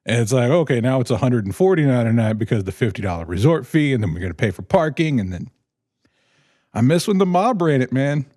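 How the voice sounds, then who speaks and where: Animated, ranting man on a podcast. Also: medium pitch, fairly quick, no echo, studio quality. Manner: animated, ranting, laughs at his own jokes. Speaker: podcast co-host. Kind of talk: casual chat.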